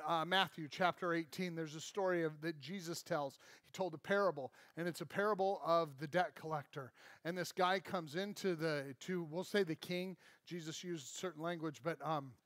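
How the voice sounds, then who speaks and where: High-voiced, emphatic male pastor. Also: fairly bright tone, dry recording. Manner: emphatic, conversational, frequent "right?" asides. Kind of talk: sermon. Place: church.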